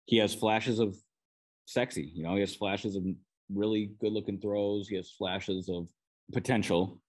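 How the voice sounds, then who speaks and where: A man with a Minnesotan accent hosts a solo sports podcast, breaking down players and practices. His voice sits low, and he talks in a relaxed, rambling way, often restarting his sentences mid-thought. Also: normal speed. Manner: conversational, with frequent restarts and "you know". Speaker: sports beat writer and podcast host.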